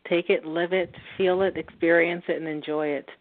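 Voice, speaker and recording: A woman giving a psychic reading in a gentle, reassuring way, laughing easily as she talks. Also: lowish voice, fairly even intonation, moderate pace. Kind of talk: phone-in psychic reading and chat. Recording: tinny phone line.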